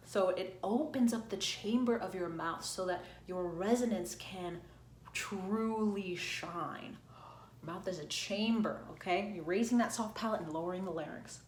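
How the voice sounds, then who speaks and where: A woman's voice: medium pitch, roomy sound, slight background noise. A woman teaching an online singing lesson, explaining plainly, checking in often with "okay?" and singing short demonstration notes. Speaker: singing coach.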